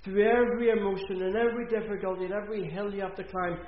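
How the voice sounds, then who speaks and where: A man's voice: high-pitched, flat delivery, fast talker. A man preaching an earnest sermon in a church, repeating phrases for emphasis. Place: church hall. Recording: echoey, dull church recording.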